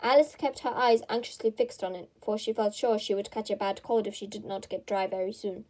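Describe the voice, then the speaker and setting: A woman reading a storybook aloud in a gentle manner, with small slips. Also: medium pitch, steady tone, brisk. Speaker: storybook reader.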